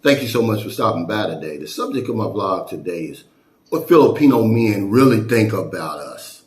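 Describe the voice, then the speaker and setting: A man vlogging on his channel and telling a story in a chatty, animated way, sprinkling in "man" as he goes. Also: lowish voice, moderate pace, echoey room. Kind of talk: casual storytelling vlog.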